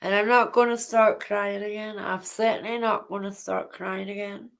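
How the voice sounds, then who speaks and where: A woman hosting a casual livestream chat, speaking haltingly and repeating herself. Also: medium pitch, level tone, creaky. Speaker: livestream host.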